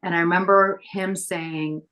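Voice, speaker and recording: A middle-aged woman telling stories as a podcast guest, chatty and lively as she acts out the people she quotes. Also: on the low side, measured pace. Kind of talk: casual storytelling interview.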